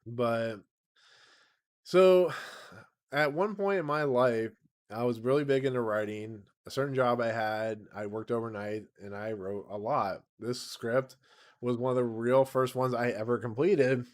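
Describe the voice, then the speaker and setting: Guy in his 30s hosting a livestream, kinda raspy, rambly, laughs at himself a lot. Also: mid-range voice, steady tone, a little slow. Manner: rambling, self-deprecating, laughs often. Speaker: channel host. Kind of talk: casual livestream chat.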